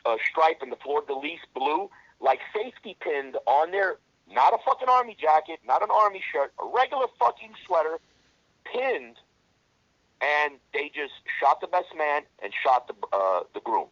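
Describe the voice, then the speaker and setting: A man's voice: on the high side, moderate pace, no echo, lo-fi sound. Blunt, profane man telling a story. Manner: animated storyteller who restarts sentences often. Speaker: interview guest. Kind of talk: casual storytelling.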